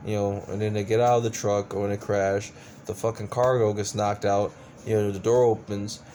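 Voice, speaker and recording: A man's voice: lowish voice, flat delivery, moderate pace, dark tone, a little hiss or hum. A man reviewing a movie in a casual rant, exasperated and profane, rambling with lots of restarts. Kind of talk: casual ranting film review.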